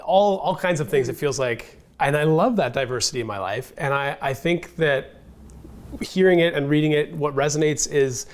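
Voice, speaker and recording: A man's voice: fairly high pitch, moderate pace. Reflective man in a church discussion. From Canada. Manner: thoughtful, reflective, says "right?" often. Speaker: pastor and teacher. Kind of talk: casual discussion.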